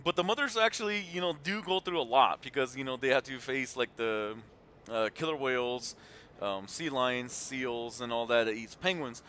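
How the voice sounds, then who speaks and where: A man's voice: medium pitch, normal speed, slight background noise. A man in his thirties streaming a game and chatting casually, rambling with many fillers and restarts. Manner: animated retelling with voiced quotes. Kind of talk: casual chat while gaming.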